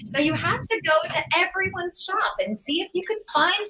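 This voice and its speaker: A woman voice actor, chatting on a livestream in a giggly, excitable way. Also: very high voice, moderate pace, rough recording. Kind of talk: casual livestream chat.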